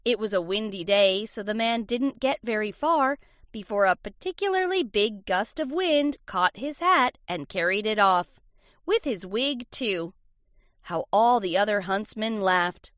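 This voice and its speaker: A woman reading storybook fables aloud in a measured, expressive way. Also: mid-range voice, smooth, no room sound. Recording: dull lo-fi recording.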